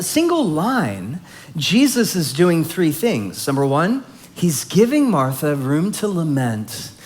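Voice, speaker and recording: Male Bible teacher, a touch high-pitched, earnest and chatty, reads scripture gently.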